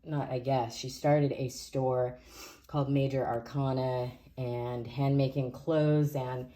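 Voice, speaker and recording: A woman's voice: rumbling low, steady tone, slow pace. A woman musician reviewing shows in a casual, rambling video, often correcting herself as she talks. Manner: rambling, self-correcting, soft-spoken. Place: dim room at home.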